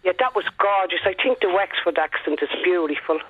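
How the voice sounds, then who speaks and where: A woman's voice: on the low side, expressive, brisk, background noise. An older woman with a Dublin inner-city accent, a chatty caller on a radio phone-in who laughs easily and teases. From Dublin inner city, Ireland. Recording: phone line.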